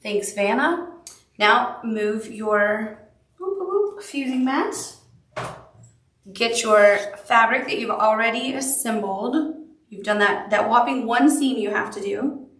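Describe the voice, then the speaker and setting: A woman's voice: fairly high pitch, slow, fairly bright tone, reverberant, distant mic. A woman with a Southern accent leads a live quilting tutorial, chatty and upbeat, with cute little asides. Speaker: quilting instructor.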